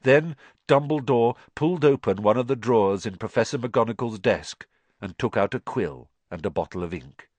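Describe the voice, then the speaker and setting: A man narrating a storybook in a measured, expressive reading. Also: mid-range voice, dry recording. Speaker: audiobook narrator.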